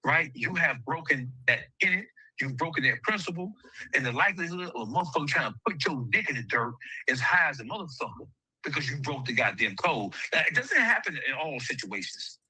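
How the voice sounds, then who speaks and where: Male interview guest; blunt and emphatic, sharp raspy voice, dry close mic. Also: on the high side, sing-song, brisk, no echo, rough recording. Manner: blunt, emphatic, heavy cursing. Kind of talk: interview storytelling.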